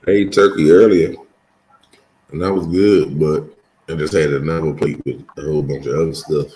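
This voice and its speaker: Casual co-host: deep, laid-back man in an echoey room, faint hiss behind. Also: a little fast, dark tone. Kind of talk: casual chat.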